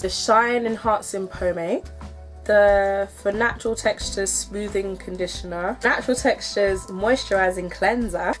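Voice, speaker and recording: Emphatic woman vlogger, faint music behind. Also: medium pitch. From United Kingdom. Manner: emphatic, repetitive, emotional. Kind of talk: direct-to-camera vlog.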